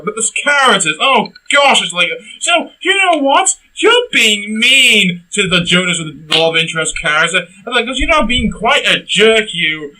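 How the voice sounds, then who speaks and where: A young man co-hosting a casual comedic film review, ranting and bursting into shouts. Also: sits high, expressive, moderate pace, few pauses, poor audio.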